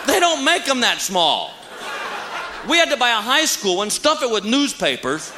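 A man's voice: very high voice, moderate pace. A man doing stand-up comedy, telling stories animatedly and acting out the characters. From Texas. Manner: animated storytelling, acts out characters. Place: stage before a live audience. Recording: live show with audience laughter. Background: audience laughter and noise.

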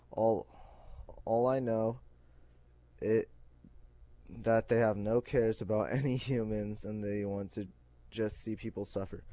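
Halting teenage boy reading a paper. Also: lowish voice, dark tone, no room sound. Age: teens. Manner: halting, frequent restarts and repeated words. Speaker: high school student. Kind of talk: reading a school research paper aloud.

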